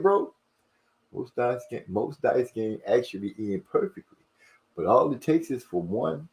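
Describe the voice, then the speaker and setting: A man hosting a casual livestream, reading viewer comments aloud and rushing and stumbling over his words. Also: fairly low pitch, big pitch swings, creaky, darkish tone. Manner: fast-talking, rushes and stumbles over words. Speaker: livestream host.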